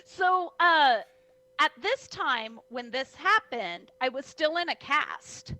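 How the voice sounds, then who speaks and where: A young woman, a wrestler, telling her story in an animated interview, acting out the people in it, heard over a video call. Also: high-pitched, slow pace, poor audio. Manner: lively, acts out voices in her stories, many "like"s. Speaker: guest, professional wrestler.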